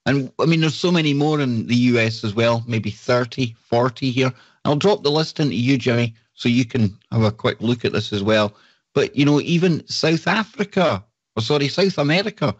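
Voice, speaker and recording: A man's voice: medium pitch, dry recording, highs cut off. A man hosting a live talk show, chatting casually and reading out lists with enthusiasm. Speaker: show host.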